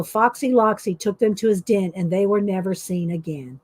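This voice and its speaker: A woman's voice: mid-range voice, moderate pace, hardly any pauses. A woman hosting a casual art journaling chat from home, reading stories aloud with expression and laughing often. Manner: chatty, warm-hearted, laughs often, reads stories with expression. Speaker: art journaling video host.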